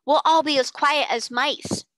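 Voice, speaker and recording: A woman doing Donald, a loud excited little boy. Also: sits high, measured pace, no echo, pitched above the performer's own voice. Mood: boisterous.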